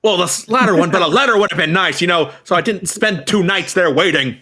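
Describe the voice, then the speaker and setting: Man playing a wandering mentor, high voice, indignant, complaining. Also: fairly quick, sharp tone. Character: wandering older male mentor, aggrieved. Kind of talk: tabletop role-play character voice.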